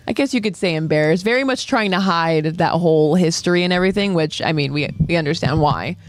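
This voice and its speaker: Higher-voiced guy on a podcast, rambles a lot, lots of likes, faint music underneath. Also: quick pace. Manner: rambling, hedging with many "like"s. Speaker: podcast co-host. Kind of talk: casual anime discussion.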